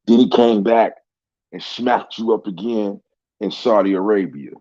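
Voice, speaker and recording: A man with a very low, deep voice rants about sports in a heated, profane way. The sound is dry and close, with a dull, lo-fi quality. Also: a little slow, dark tone, no echo. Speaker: sports commentator. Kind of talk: casual rant.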